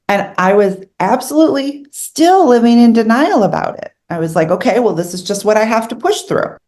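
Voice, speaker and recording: A woman's voice: fairly high pitch, expressive, normal speed, darkish tone. A middle-aged woman telling her own story as an interview guest, earnest and candid, emotional as she recalls hard moments.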